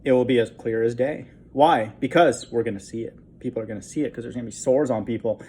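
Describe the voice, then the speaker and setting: A man's voice: medium pitch, fast, warm tone, slight background noise. Guy doing a loose bible lesson, reads verses then talks it over, lots of "okay?". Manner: reads scripture aloud, adds frequent "okay?" asides, chuckles. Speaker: online preacher. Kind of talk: informal Bible teaching monologue.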